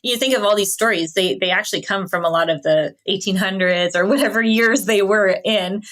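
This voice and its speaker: Lively woman telling travel stories. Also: medium pitch, a little fast. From Canada. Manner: animated storyteller, laughs often, acts out quotes. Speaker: podcast guest. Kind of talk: casual interview storytelling.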